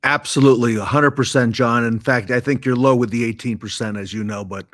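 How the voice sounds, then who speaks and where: A man's voice: mid-range voice, fairly even intonation, a little fast, a bit bright. A man hosting the interview who mostly answers with short agreeing replies. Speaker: host. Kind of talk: interview backchannel.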